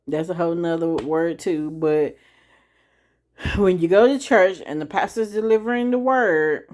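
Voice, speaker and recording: A woman giving an informal Bible teaching to camera. She talks conversationally, keeps checking in with "right?", and reads scripture slowly and deliberately. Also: fairly low pitch.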